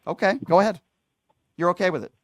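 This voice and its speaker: Combative male talk radio host, high voice, dry close sound, repeats himself, insulting. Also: quick pace, no echo. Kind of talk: heated call-in argument.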